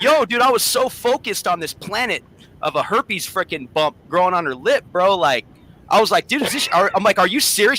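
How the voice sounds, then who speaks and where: Bright, slightly high male co-host, animated slangy storyteller, casual chat. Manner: animated storytelling, slangy, lots of "man" and "bro". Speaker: podcast co-host.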